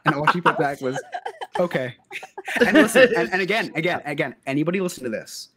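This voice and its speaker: A man's voice: on the high side, brisk, a little hiss or hum. A man co-hosting a comedy podcast, telling a story and reading out messages with frequent laughter. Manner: animated, laughing often. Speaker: podcast co-host.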